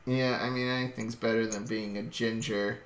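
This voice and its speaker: A man hosting a casual late-night stream chat from home, rambling and jokey with halting restarts. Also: fairly low pitch, level tone, a little hiss or hum. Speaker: stream host. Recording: roomy echo.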